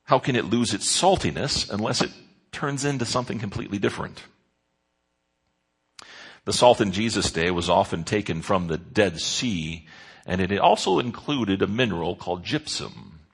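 Gravelly low-voiced man preaching. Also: animated, moderate pace. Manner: earnest preaching with emphatic rises and drops. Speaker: pastor. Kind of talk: sermon.

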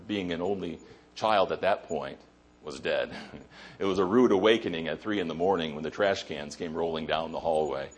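A man's voice: low-pitched, husky. A male pastor preaching a sermon in an emphatic way, repeating key phrases.

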